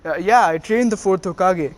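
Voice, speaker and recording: A man playing an older male mentor who is cagey but eager. His lines stumble and fill up with uh sounds. The voice sits somewhat high. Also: normal speed, natural voice. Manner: stumbling, filler-heavy delivery.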